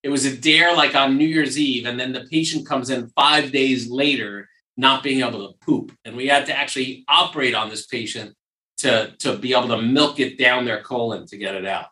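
A man from New York hosts a casual podcast as a surgeon and tells stories with lively repetition. His voice is bright and forward. He sounds a little off the mic, in a roomy, echoey space. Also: medium pitch, moderate pace, recorded from a distance. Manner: animated storyteller who repeats phrases for emphasis. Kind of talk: casual podcast chat and storytelling.

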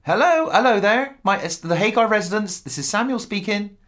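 A man doing a bright, eager rock singer picking up the phone, friendly and chirpy. His voice sits up high and bounces all over the place. The tone is polite and keen to please. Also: lively intonation, fairly quick.

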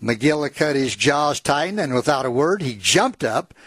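A man's voice: mid-range voice, expressive, normal speed, a bit bright, slightly rough, dry recording. A man retelling a written history aloud to a listener, reading passages and adding casual asides with fillers. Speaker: storyteller.

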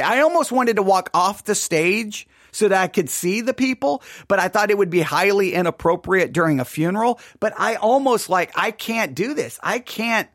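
A man's voice: sits high, a bit bright, no echo, studio quality. A man preacher retelling a funeral sermon he gave, earnest and emphatic, often restarting his sentences.

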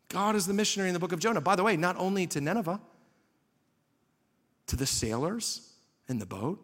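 A man's voice: high-pitched, expressive, fairly quick, pauses often, big-room sound. A man preaching a sermon as pastor, conversational, with rhetorical questions and dry humor.

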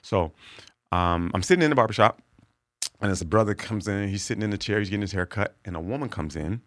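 A man, a comedian and podcast guest, telling a story in a casual, profane and animated way, acting out other people's lines. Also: fairly low pitch, fast talker, no echo.

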